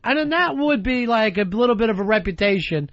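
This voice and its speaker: High-voiced profane radio host, muffled. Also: male voice, animated, a little fast, a bit bright, no echo. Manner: crude, rambling, acts out voices in stories. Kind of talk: profane comedic talk radio banter.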